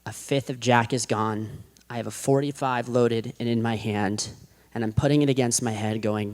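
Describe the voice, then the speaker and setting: Man of medium pitch telling his testimony to a crowd; chaotic and rambling, sinks to a quiet hush when it gets heavy. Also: fairly even intonation, moderate pace. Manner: rambling, self-described chaotic, with many restarts; drops to a hushed, quiet voice at heavy moments. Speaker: guest giving a testimony. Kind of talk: personal faith testimony to an audience.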